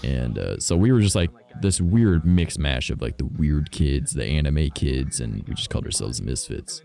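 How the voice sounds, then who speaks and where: A man's voice: very deep voice, lively intonation, moderate pace, creaky, warm tone. A man from Canada, a streamer, rambling through a story in casual chat and swearing freely. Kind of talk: casual chat while gaming.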